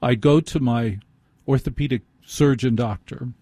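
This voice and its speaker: A male late-night radio host talks through a self-deprecating anecdote in a husky, mellow voice. The sound is dry and close on a studio mic, with no room around it. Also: medium pitch, measured pace, dry recording. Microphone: studio microphone.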